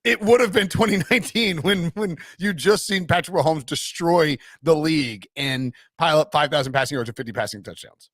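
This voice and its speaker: A man's voice: on the high side, a bit bright, no echo, clean studio sound. Jokey, chatty man hosting a podcast. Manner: jokey, chatty, quick to laugh. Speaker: podcast host. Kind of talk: casual sports podcast chat.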